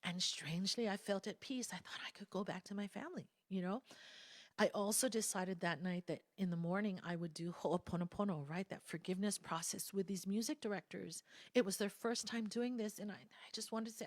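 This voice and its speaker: A middle-aged woman giving a heartfelt personal testimony at a spiritual service, now and then dropping to a soft whisper when she quotes others. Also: medium pitch, dry recording. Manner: earnest storytelling, drops to soft whispers for quotes. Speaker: guest speaker at a spiritual service. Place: church sanctuary.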